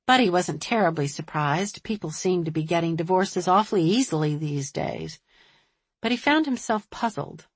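A woman narrating a novel in an even, measured reading voice. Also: lowish voice, slightly rough, no room sound. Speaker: audiobook narrator. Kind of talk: scripted narration.

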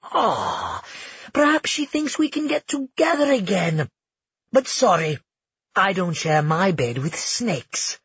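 A taunting prisoner with a lifted, sneering voice and a mocking edge, as a male narrator puts him on. The reading is husky and sounds dry and a little dull, like a close home recording. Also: a little high, big pitch swings, very slow, hardly any pauses, darkish tone, dry recording, heavily acted. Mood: sneering taunts. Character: sarcastic male former assassin prisoner, taunting.

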